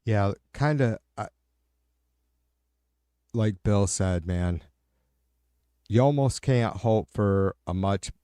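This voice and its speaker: A middle-aged man hosts a livestream and swears freely as he rambles through answers to his chat. His voice sits fairly low, with a warm, mellow tone. The sound is dry and close. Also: takes it slowly, pauses often, clean tone, no echo. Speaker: livestream host. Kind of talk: casual chat with viewers.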